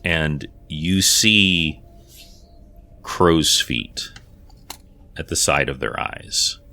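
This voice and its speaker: A man narrating as game master in a measured way with fillers and asides. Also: a bass voice, sharp tone.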